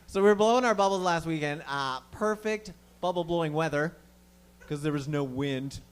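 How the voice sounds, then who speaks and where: A man on a comedy club stage, working through a stand-up set in a slightly high voice. He rambles, swears freely and pokes fun at himself as the story runs on. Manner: rambling, profane, self-mocking storytelling. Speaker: stand-up comic.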